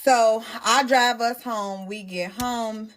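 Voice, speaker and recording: A young woman telling a personal story to her followers in a casual, animated way, with blunt slang and swearing. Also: on the high side, slow pace. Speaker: storytime vlogger.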